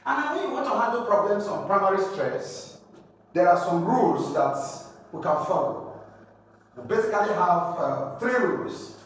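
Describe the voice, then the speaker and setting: High-voiced Nigerian man teaching in an echoey room. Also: animated. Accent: Nigerian English. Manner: explains slowly, quizzes the listener, spells out letters. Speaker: exam prep teacher. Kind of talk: exam coaching lesson. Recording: echoey room, mic at a distance, faint background hiss.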